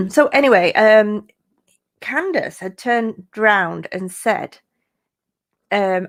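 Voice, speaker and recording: Brief: rambling female true crime streamer, casual and chatty, mid-pitched. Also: unhurried. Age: adult parent. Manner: rambling, chatty, many fillers. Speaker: true crime YouTube host. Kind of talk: casual live-stream chat.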